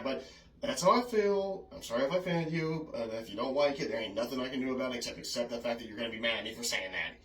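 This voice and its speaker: A man's voice: medium pitch, pushed and bright. A man reviewing films in casual, rambling talk, apologetic and given to small chuckles. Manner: chatty, apologetic, frequent "oh, goodness" and chuckles. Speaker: film reviewer vlogger. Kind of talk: casual rambling film memories. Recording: echoey room, mic at a distance.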